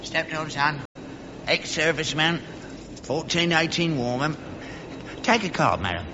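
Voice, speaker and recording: A man's voice: a little high, lively intonation, in a large hall, dull audio, background noise. A cantankerous old rag-and-bone man. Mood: hawking. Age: older. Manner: cockily boastful, quick to pick a quarrel. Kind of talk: sitcom acting.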